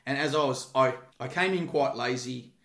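A man's voice: mid-range voice, moderate pace, fairly bright tone. A man in his thirties with an Australian accent telling profane, brash security stories in a casual podcast chat. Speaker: podcast guest, former security guard. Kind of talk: casual storytelling. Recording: echoey room.

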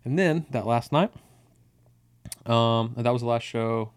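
A man's voice: medium pitch, a little slow, clean tone. Rambling, swearing male podcast co-host. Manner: swears a lot, loose rambling storytelling. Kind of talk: casual chat.

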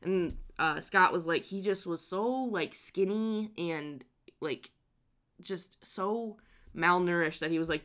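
A woman tells a true crime story in a loose, casual way. Her voice sits a little low but sounds bright and forceful. She swears freely and laughs easily. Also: slow. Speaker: podcast host telling a true crime story.

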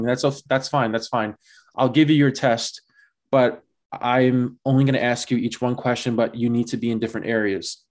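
A young man, appearing as a guest, tells the story of his vocation in a relaxed, chatty way, full of filler words and the occasional laugh at himself. His voice is mid-range and a little mellow, with a steady tone and moderate pace.

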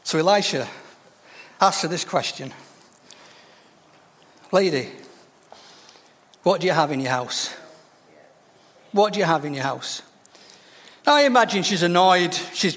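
A man's voice: lively intonation, measured pace, long pauses, fairly bright tone, big-room sound. A man preaching a sermon, telling Bible stories with humour and acting out the people in them. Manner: storytelling, voices quoted figures with shifts in pitch.

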